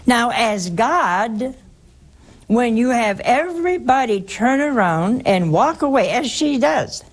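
An older woman hosting a religious call-in show, teaching slowly and emphatically with sudden high rises. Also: lively intonation. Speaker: religious radio host answering callers.

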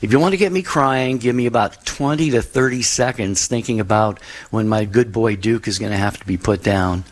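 A man co-hosting a call-in radio show who speaks gently and reflectively, with religious phrasing and frequent fillers. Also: lowish voice, a little fast, few pauses. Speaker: radio co-host.

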